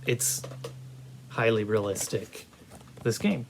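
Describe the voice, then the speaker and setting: A man giving a casual video game review, talking in an animated, rambling way full of restarts. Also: mid-range voice, moderate pace, pauses often, slight background noise.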